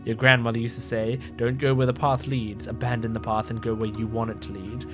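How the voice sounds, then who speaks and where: A drowsy man comments on a game he is playing, loose and conversational, breaking into laughs. His voice sits at a middle pitch, and faint music plays behind him. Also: brisk. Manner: relaxed, chatty, laughs often. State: sleepy, yawning. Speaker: gaming video host. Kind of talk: casual let's-play commentary.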